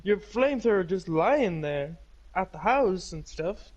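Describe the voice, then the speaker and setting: High-voiced rambling jokey man. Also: lively intonation, a little slow, lo-fi sound. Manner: rambling, jokey, trails off mid-thought. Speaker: podcast co-host. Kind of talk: casual chat.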